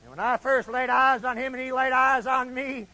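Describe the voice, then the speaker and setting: A middle-aged man preaching in a folksy, animated storytelling manner. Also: very high-pitched, moderate pace, no echo, poor audio. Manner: animated, folksy, shifts into shouting. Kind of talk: storytelling sermon.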